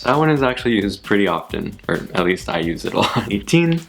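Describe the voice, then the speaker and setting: A young man chatting casually on his channel, laughing often at himself and repeating words slowly to practice saying them. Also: on the low side, big pitch swings, creaky, a bit bright, faint music behind. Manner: giggly, self-deprecating, repeats words slowly. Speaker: YouTuber. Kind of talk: casual vlog, word list.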